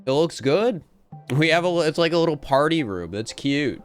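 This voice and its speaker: A man's voice: on the high side, animated, moderate pace, faint music behind. Wry man commenting on a game. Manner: wry, playful asides. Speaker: let's play host.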